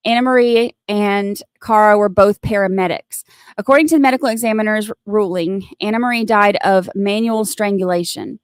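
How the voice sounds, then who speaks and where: A woman's voice: mid-range voice, smooth, dry recording. Southern woman, livestream host; loose chatty ramble, restarts sentences, dry sound. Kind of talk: casual livestream chat.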